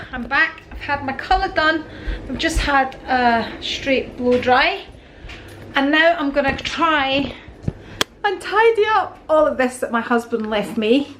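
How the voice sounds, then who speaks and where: A woman's voice: high voice, fairly bright tone, a little hiss or hum, poor audio. A woman in her fifties chatting casually to camera at home, in a rambling, homely way. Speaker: lifestyle vlogger.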